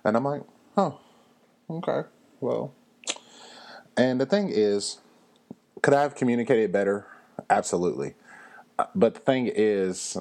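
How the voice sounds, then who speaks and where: A man with a drawl hosts a casual podcast monologue. His voice sits low, and he talks bluntly and with energy, swearing without hesitation. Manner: animated, blunt, swears freely. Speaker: podcast host.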